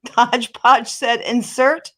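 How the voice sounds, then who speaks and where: A woman's voice: fairly high pitch, steady tone, slow pace, a bit bright, no room sound, poor audio. A woman co-hosting a live stream, chatting casually, laughing often and reading out chat comments. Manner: laughs a lot, reads out chat.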